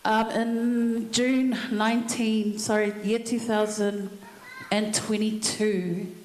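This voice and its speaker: A middle-aged woman giving a personal eulogy at a family funeral service, telling her story slowly with many pauses. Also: mid-range voice, little pitch movement, a little mellow, slight background noise. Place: church hall. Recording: echoey church hall.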